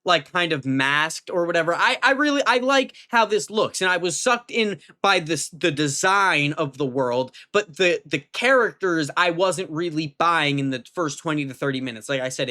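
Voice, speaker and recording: A young man vlogs a casual, rambling movie review packed with fillers and restarts, swearing now and then. His voice is pushed and bright, and its pitch jumps up when he gets emphatic.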